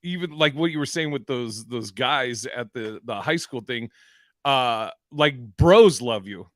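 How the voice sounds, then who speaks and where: A man's voice: medium pitch, expressive, a little slow, fairly bright tone, dry recording, clean studio sound. Profane, rambling male comedian host. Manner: rambling, profane storytelling with many restarts. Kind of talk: casual chat.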